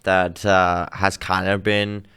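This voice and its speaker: A man's voice: low voice, little pitch movement, slow pace, a bit bright, clean tone. A man hosting a sports podcast, talking casually in a rambling, opinionated, blunt way. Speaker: podcast host.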